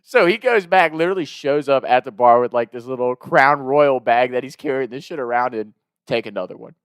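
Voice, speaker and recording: A young man from the Midwest, telling a wild personal story in a casual, profane, animated way. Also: mid-range voice, fairly quick, clear, resonant tone, no echo, studio quality. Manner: profane, animated, laughs at his own story.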